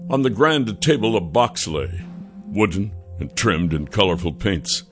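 A man narrating a fantasy audiobook in a measured storytelling manner. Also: low voice, sing-song, fairly bright tone, soft background music.

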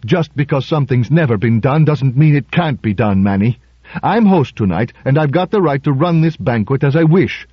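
Pushy dinner host, husky, higher pitched, muffled lo-fi recording, voiced by a man. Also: animated, moderate pace, dry recording. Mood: insistent. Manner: insistent, blustering. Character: pushy self-appointed male dinner host.

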